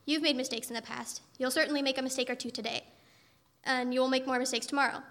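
Casting: a woman preaching, high and bright, with reassuring storytelling and echoey hall sound. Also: fairly even intonation, fast. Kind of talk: sermon.

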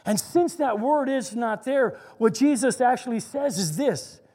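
A man preaching a sermon in an earnest way, slowing down to stress each point. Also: very high voice, animated, mellow, long reverb tail. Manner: earnest, slows down to stress scripture.

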